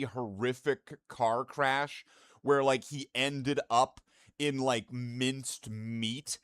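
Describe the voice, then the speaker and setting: A man's voice: mid-range voice, clean tone, no echo, studio quality. A man streaming live and chatting casually with his viewers in profane, rambling, mock-indignant banter.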